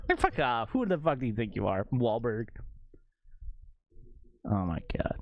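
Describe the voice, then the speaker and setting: A man streaming a game live, ranting in casual chat and leaping between low mutters and high exclaims. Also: a little slow, pauses often, slight background noise. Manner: animated ranting, jumps to high exclaims and laughs.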